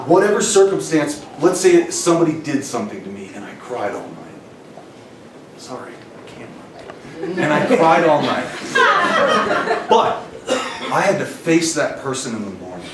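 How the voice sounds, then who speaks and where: A man preaching a camp sermon, animated, laughing often and asking the crowd questions. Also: a little high, a little slow, slight background noise. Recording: roomy hall, distant mic, faint ambience.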